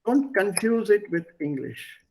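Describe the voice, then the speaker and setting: A high, gravelly male voice rising and falling a lot as he explains grammar to his class. He is a teacher on a video call, animated and mixing English with German. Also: a little slow. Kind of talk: online language lesson.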